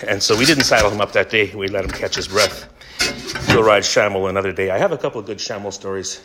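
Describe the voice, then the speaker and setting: A man's voice: fairly low pitch, fast talker, background noise. Canadian guy preaching, tells stories, jokes at himself. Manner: animated storyteller, self-mocking humor. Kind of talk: casual sermon storytelling.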